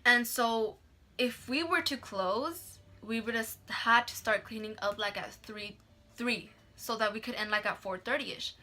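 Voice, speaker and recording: A woman's voice: fairly high pitch, unhurried, pushed and bright. A young woman vlogger telling a story in casual chat. She swears freely, says "like" constantly and drops in Spanish words.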